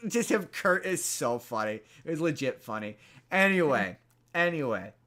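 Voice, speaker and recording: A man's voice: a little high, expressive, moderate pace, pushed and bright. A man hosting a podcast, casually retelling a movie's plot in a rambling way, full of fillers and restarts. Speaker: podcast host.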